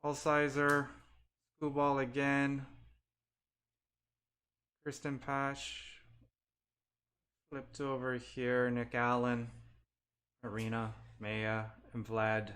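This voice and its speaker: A man's voice: medium pitch, completely flat delivery, very slow, long pauses, fairly bright tone. A man hosting a live card break, calling out player names one by one as he opens packs and chatting with viewers. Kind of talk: live-stream pack opening.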